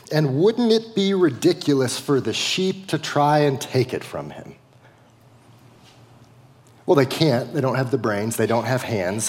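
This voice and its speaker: A man's voice: medium pitch, long reverb tail. A middle-aged man preaching a sermon as a pastor, conversational, with frequent casual fillers.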